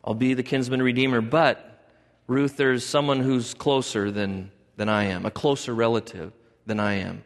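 A man's voice: medium pitch, steady tone, moderate pace, pitched below the performer's own voice, natural voice. A preacher acting out a humbled, surprised older man. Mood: amazed. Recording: long hall reverb.

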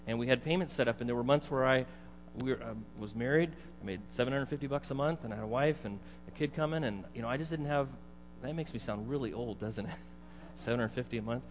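A middle-aged male pastor preaching in a loose, conversational way and often asking his listeners questions. His voice comes through dull, with a long church-hall reverb and a faint mains hum behind it. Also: medium pitch. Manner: conversational, asks the congregation questions. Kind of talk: sermon.

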